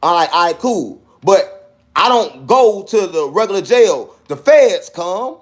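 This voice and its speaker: An animated man with a high voice tells a personal story in a loose, casual way. He acts out every line of dialogue and keeps dropping in sound effects like "boom" and "bam.". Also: a little slow, soft background music. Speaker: podcast host telling a personal story.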